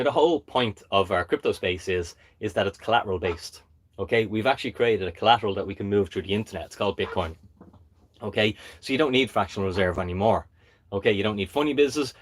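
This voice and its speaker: Blunt man, low voice. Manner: blunt, emphatic, keeps checking in with "okay?". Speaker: crypto channel host. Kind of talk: live-stream monologue.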